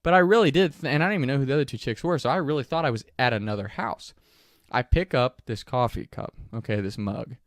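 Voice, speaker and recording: A man casually telling a story, animated and profane, often laughing as he talks. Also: medium pitch, fast talker, no room sound, clean studio sound.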